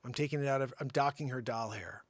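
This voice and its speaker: A man's voice: mid-range voice, fast, no room sound, clean studio sound. A man hosting a call-in comedy livestream, rambling and teasing an off-screen helper. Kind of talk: joking livestream banter.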